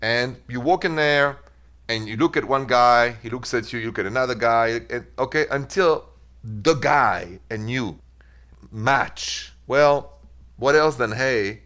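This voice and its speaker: A middle-aged man with a French accent, hosting a call-in radio dating advice show in a lively, chatty way, dropping in French phrases. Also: mid-range voice, unhurried. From France.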